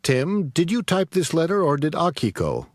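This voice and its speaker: A man's voice: on the high side, wildly swooping pitch, moderate pace, no echo, studio quality. Man sounding stern and businesslike. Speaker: course announcer and boss character. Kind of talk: scripted dialogue.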